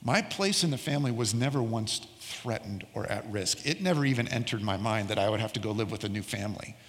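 A middle-aged man preaching a sermon as pastor, telling a personal story and slowing down to stress key words. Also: on the low side, long reverb tail. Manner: storytelling, slows down for emphasis.

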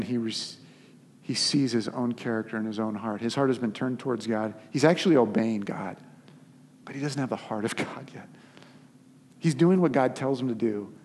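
A man preaching a sermon as a pastor, telling the story in an animated, conversational way. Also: mid-range voice. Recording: long hall reverb.

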